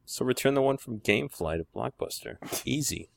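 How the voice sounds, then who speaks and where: A man's voice: mid-range voice, animated, brisk, vocal fry, no room sound. A man co-hosting a podcast in casual chat, explaining things in a matter-of-fact way. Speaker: podcast co-host.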